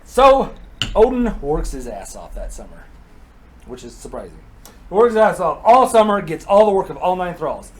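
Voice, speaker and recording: A man casually retelling an old myth in a chatty, animated, profane style. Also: high-pitched, normal speed, rough recording. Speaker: comedic myth storyteller.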